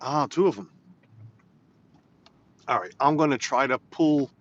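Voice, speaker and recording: An expressive man with a mid-range voice speaks unhurriedly as he drives through snow. In a casual live stream from the car, he rambles and reads comments aloud to viewers, all captured in slightly dull, lo-fi phone audio.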